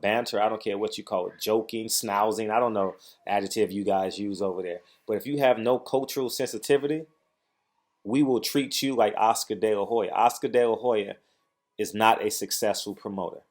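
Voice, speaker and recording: Agitated man ranting emphatically. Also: fairly low pitch. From United States. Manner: agitated, emphatic, repeats phrases for stress. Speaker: boxing commentator, channel host. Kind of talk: heated commentary vlog.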